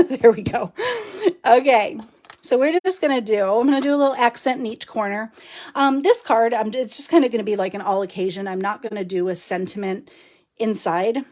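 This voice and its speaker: A woman's voice: mid-range voice, a little mellow. Middle-aged woman, live craft demo host, easygoing and chatty, laughs between steps. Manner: chatty, laughs often, talks while working. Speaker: card-making demonstrator.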